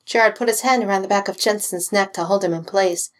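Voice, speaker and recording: A woman reading fan fiction aloud with steady, expressive storytelling. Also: medium pitch, brisk. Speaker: reader.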